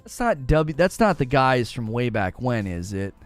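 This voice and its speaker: Male gaming livestream host, animated and chatty, dry close sound with faint music underneath. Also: medium pitch, normal speed, no room sound. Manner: animated, argues both sides, reads chat aloud. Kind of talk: casual live stream commentary.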